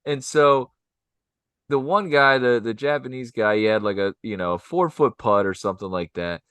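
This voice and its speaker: A man's voice: mid-range voice, normal speed, smooth, no echo. A man co-hosting a podcast, telling stories in casual chat and often asking "you know what I mean?". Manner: animated storyteller, 'you know what I mean', ham impressions. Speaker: podcast co-host.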